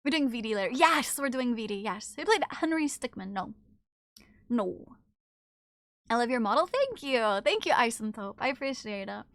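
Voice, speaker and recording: A woman streamer hangs out with her viewers late at night, answering their messages. She is playful and teasing and swears freely. Her voice sits high and sharp, and a close mic keeps it dry. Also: very animated, normal speed, no echo. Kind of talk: casual live-stream chat, reading chat aloud.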